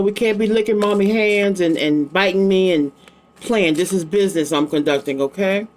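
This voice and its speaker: A chatty middle-aged woman runs a relaxed psychic card reading. She rambles easily from card to card, talking in a warm, everyday tone. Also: medium pitch. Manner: chatty, rambling, affectionate asides to her child. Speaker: psychic tarot reader. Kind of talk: casual live card-reading vlog.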